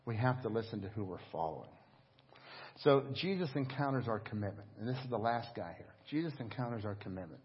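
A middle-aged man preaching a sermon as pastor, telling stories in an animated, conversational way. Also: lowish voice, a little fast, slight background noise. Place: church service. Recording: dull echoing church hall audio.

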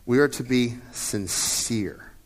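A man's voice: mid-range voice, slow, long reverb tail. A man in his fifties preaching a sermon as a pastor, in a conversational way that often repeats and restarts words. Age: 50s.

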